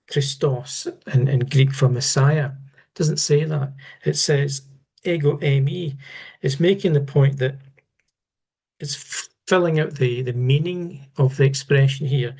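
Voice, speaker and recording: A man explains scripture in a slow, deliberate way, pausing and restarting his phrases as he thinks. His voice sits at an ordinary middle pitch, and his tone is that of an unscripted study lesson. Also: creaky, darkish tone. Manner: measured, halting, with repeated restarts. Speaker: Bible teacher. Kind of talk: unscripted Bible study talk.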